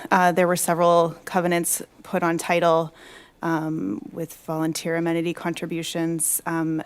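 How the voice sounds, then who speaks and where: A Canadian woman walks a committee through a planning application. Her voice sits a little low, and she explains with frequent "uh"s and "um"s. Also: clean tone. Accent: Canadian English. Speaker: planning staff presenter. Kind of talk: presenting a report at a committee meeting. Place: council chamber.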